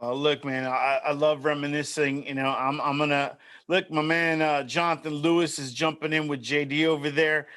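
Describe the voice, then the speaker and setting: A man's voice: fairly high pitch, flat delivery, normal speed, fairly bright tone. A man hosting a casual chat show, upbeat and chummy, often saying "man" and "you know". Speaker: show host.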